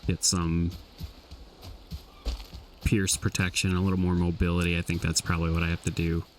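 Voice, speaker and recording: A man giving casual, relaxed commentary on his own gameplay, thinking aloud and trailing off mid-thought. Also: low voice, moderate pace, recorded from a distance, slight background noise. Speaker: gameplay streamer.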